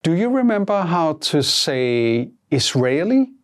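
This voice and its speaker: A woman hosting a language lesson, speaking slowly and clearly and repeating each word twice. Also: low-pitched, sing-song. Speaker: language teacher host.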